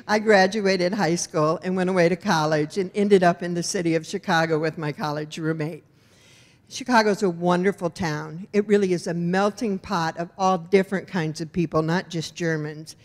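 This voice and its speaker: A woman from rural Iowa telling a personal story on stage, wry and expressive, with long hall reverb. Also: mid-range voice. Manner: wry, expressive, animated in punchlines. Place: storytelling event venue.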